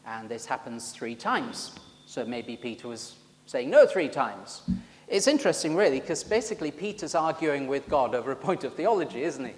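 A man's voice: mid-range voice, lively intonation, normal speed, in a large hall. A man with a Yorkshire accent preaching an informal, joking sermon and chatting with his congregation during a church service. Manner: chatty, joking, self-deprecating.

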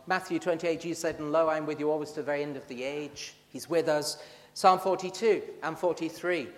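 A man preaching a sermon in a church, reading scripture aloud with measured emphasis. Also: mid-range voice, big-room sound, slight background noise. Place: church building.

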